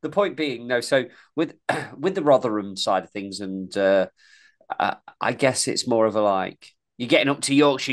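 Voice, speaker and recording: A man's voice: medium pitch, animated, moderate pace. A man from the East Midlands with a mild East Midlands accent, co-hosting a podcast in casual, rambling chat full of restarts. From East Midlands, England. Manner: rambling, many restarts and repeated words. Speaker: podcast co-host.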